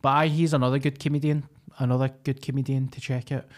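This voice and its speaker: A man's voice: mid-range voice, level tone, fast talker. Sweary Scottish man, podcast co-host. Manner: sweary, blunt and jokey. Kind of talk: casual comedy podcast chat.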